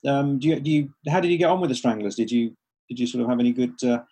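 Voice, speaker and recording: A man's voice: mid-range voice, little pitch movement, fast, dark tone, breathy edge. A male radio host asking friendly, hesitant questions. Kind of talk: radio interview.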